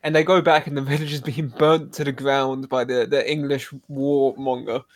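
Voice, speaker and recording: A man's voice: medium pitch, little pitch movement, normal speed, no room sound, studio quality. A man casually recapping a movie's plot with friends, stumbling and restarting as he goes. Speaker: podcast co-host.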